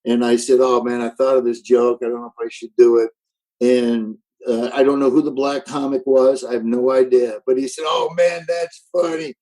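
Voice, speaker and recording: A comedian guest talking remotely in casual chat, ranting emphatically. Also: male voice, mid-range voice, steady tone, moderate pace, mellow, rough recording. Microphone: remote call.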